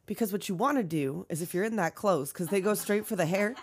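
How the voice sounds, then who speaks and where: A woman's voice: mid-range voice, fairly quick, slight background noise. A woman co-hosting a podcast, recapping a film in casual chat, with jokey, profane interjections. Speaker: podcast co-host.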